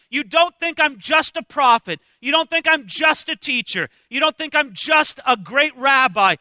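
A male pastor preaching an expository sermon, animated, acting out quoted voices and swinging from hushed asides to shouts. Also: extremely high pitch, no echo. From United States.

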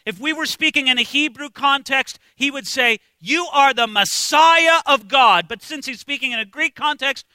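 A male pastor preaching an expository sermon, animated, acting out quoted voices and swinging from hushed asides to shouts. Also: very high voice, normal speed, few pauses, dry recording. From United States.

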